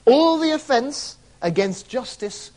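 Lively, emphatic male preacher. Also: very high voice, slow. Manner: emphatic, rhetorical questions, stretches key words. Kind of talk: sermon.

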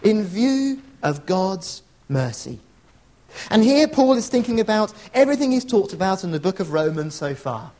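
Lively, high-voiced preacher. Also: male voice, moderate pace. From England. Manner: earnest, conversational, storytelling asides. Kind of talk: sermon.

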